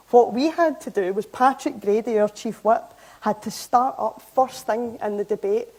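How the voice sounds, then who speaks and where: A young Scottish woman giving a public talk, recounting events in a lively, anecdotal way. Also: a little high, rough recording. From Scotland. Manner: lively anecdotal, animated when amused. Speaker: member of parliament giving a talk. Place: hall, talk to an audience.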